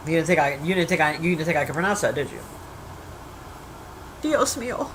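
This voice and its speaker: A woman's voice: sits low, very animated, slight background noise, rough recording. A woman on a casual livestream, rambling bluntly about a movie, swearing freely and teasing her silent chat. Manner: profane, blunt trash-talking, teasing the chat; rambling with restarts and drawn-out asides.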